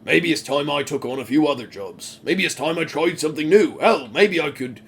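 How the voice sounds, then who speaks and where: Casting: man voicing a musing little engine, husky and bright. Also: on the high side, animated, a little fast, voice pushed down, full character voice. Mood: wistful.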